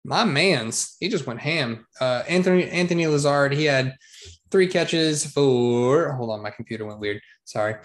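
A man co-hosting a casual football podcast, jokey and excitable, full of slang. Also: mid-range voice, moderate pace. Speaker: podcast co-host. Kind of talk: casual sports chat.

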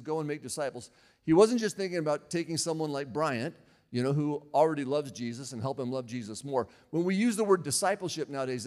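A man's voice: a little high, a little mellow, long reverb tail. An older man, a pastor, preaching a sermon in a conversational way, often asking the audience questions.

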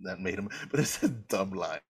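A man's voice: low voice, lively intonation, moderate pace, gravelly, slight background noise. Laid-back man who keeps saying "bro". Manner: laid-back and jokey, calls his friend "bro". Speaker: podcast co-host. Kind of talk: casual movie rewatch chat.

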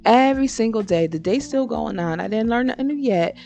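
A woman's voice: fairly high pitch, fairly quick, gravelly, soft background music. A woman hosting her own podcast, giving frank, slangy advice in a casual monologue. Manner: frank, slangy and animated, switching into impressions. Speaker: podcast host.

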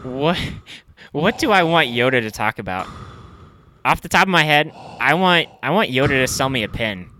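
A young man co-hosting a casual comedy podcast, easygoing and quick to laugh. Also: medium pitch, animated, bright, forceful tone, a little hiss or hum. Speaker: podcast co-host.

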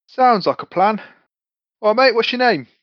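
A man's voice: high-pitched, expressive, measured pace, no echo. A man playing his character in a tabletop game, with matey, swearing, laid-back banter. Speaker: player. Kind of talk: in-character tabletop role-play. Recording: slightly muffled, dry sound.

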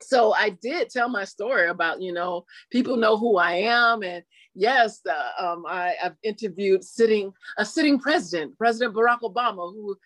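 A woman being interviewed in a casual chat, telling her story animatedly and acting out quotes in lively voices. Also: mid-range voice, moderate pace, no echo. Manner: chatty, with frequent "you know" fillers. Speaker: interview guest.

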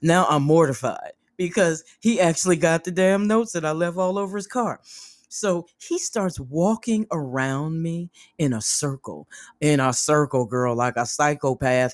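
Woman host, animated, profane storyteller, dry close sound. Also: fairly low pitch, unhurried, no room sound. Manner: animated, profane, acts out the people in her story. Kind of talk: personal storytelling.

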